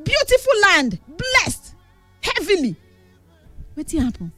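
A young Nigerian woman talks in a high, swooping voice, switching between Pidgin and English as she tells lively stories. She exclaims often and her pitch jumps around. The sound is close and dry, with soft music underneath. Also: takes it slowly, dry recording. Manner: animated storytelling, code-switching, exclaiming.

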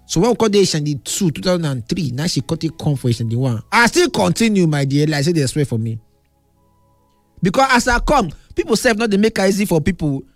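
A man's voice: a little high, fast talker, no room sound, faint music behind. A middle-aged man with a Nigerian Pidgin accent, animatedly telling a personal story in casual chat, repeating words and acting out what others said. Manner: animated, repetitive, acts out quoted lines.

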